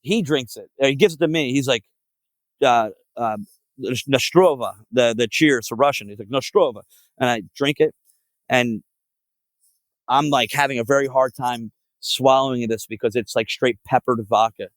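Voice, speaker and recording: Philly guy, mid-pitch, dry recording; loose, cussing raconteur who strings stories together with fillers. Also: moderate pace, fairly bright tone, dry recording, poor audio. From Philadelphia area. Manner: profane, rambling, heavy on filler words. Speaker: guest musician. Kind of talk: casual podcast storytelling.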